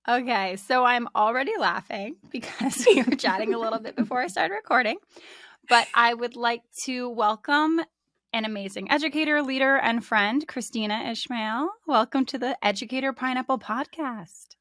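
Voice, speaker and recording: Bright-voiced bubbly woman podcast host. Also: on the high side, normal speed, faint music behind. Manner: bubbly, laughs often. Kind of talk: casual interview chat.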